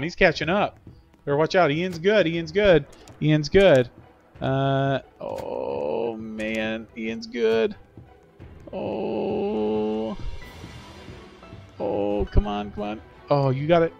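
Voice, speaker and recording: Chatting upbeat with his viewers, a middle-aged livestream host cheers on players during casual gameplay commentary. His voice is mid-range and gravelly. Faint game music plays under slightly dull lo-fi audio.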